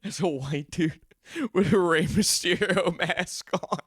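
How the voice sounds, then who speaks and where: A man trading stories on a comedy podcast, excitable and cursing freely, shouting out the lines he quotes. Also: high voice, unhurried, slightly rough, dry recording, studio quality. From Philadelphia. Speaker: podcast co-host. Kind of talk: casual comedic banter.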